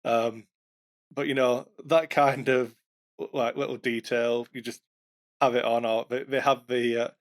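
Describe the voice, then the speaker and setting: A man's voice: medium pitch, flat delivery, measured pace. A man co-hosting a podcast, chatting casually about running tabletop games, self-mocking, with fillers and false starts. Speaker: podcast co-host, game master.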